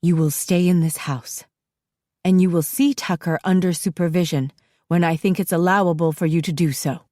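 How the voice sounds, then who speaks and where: A woman's voice: fairly low pitch, steady tone, normal speed, warm tone, no echo, studio quality, lightly acted. A woman narrator voicing a stern, weary mother who is firm and sarcastic with her teenage daughter.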